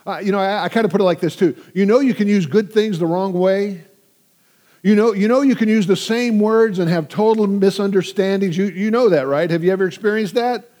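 A man's voice: high voice, fairly quick, mellow. A man in his sixties preaching a sermon, telling stories energetically and engaging his audience. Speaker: pastor.

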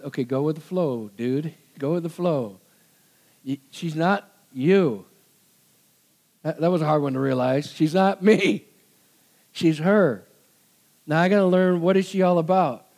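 A middle-aged man preaching a conversational sermon, animated and given to laughter, acting out quoted voices. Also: on the high side. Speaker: pastor.

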